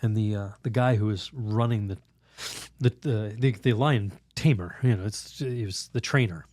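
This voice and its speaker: A priest telling a lively story in a podcast interview, laughing often, acting out other people's voices, with halting restarts. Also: male voice, fairly low pitch, dry recording, studio quality. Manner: animated, laughs often, acts out quoted voices. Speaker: priest guest.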